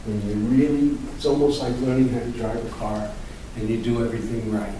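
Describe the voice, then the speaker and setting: A man coaching an improv acting class, animated and punchy, often cursing and punctuating points with "boom". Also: brisk, slight background noise. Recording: echoey room from far off, faint ambience.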